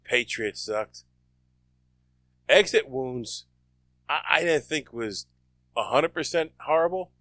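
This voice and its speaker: A man in casual chat, recalling details haltingly and repeating words. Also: medium pitch, expressive, fairly bright tone, no room sound, clean studio sound.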